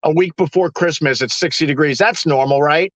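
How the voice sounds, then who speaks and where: A man's voice: on the high side, a little fast, no room sound. A man hosting a live stream, ranting with sarcastic exasperation to the people watching.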